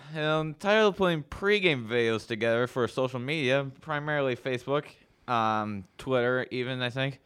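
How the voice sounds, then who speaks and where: A man's voice: medium pitch, moderate pace, a bit bright, clean tone. A young man co-hosting a casual college radio show, laid-back, answering in short easygoing replies. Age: young adult.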